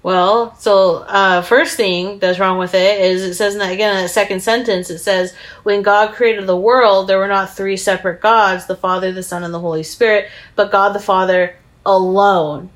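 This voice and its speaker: Female co-host, measured and thoughtful, casual Bible talk. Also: medium pitch, steady tone, rough recording. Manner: measured, reads verses slowly, thinks aloud.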